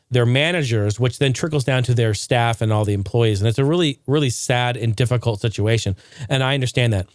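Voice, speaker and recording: A man hosting a casual podcast, talking in an animated, emphatic way. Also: medium pitch, dry recording, clean studio sound. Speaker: podcast host.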